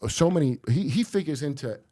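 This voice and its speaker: A man's voice: on the high side, lively intonation, brisk, mellow, no room sound, clean studio sound. A man who is a comedian guest on a podcast, telling rambling, conspiratorial stories in casual chat.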